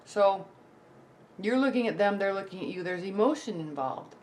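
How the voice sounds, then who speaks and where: Her voice is mid-range and darkish, with lively intonation and normal speed, as this woman offers a casual tarot reading to camera. Reassuring and chatty, she frequently restarts her sentences and keeps asking "okay?" or "right?".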